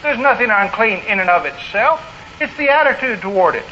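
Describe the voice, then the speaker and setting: Male preacher, high-pitched, earnest and emphatic; muffled lo-fi recording. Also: animated, fairly quick, sharp tone. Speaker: pastor. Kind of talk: sermon. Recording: dull lo-fi recording with faint noise.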